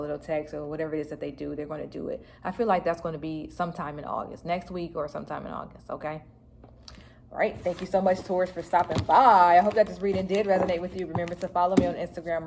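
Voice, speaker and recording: A woman's voice: on the low side, vocal fry, background noise. A woman giving a casual tarot reading to camera in a chatty, filler-heavy way, talking straight to her viewers. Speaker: tarot reader.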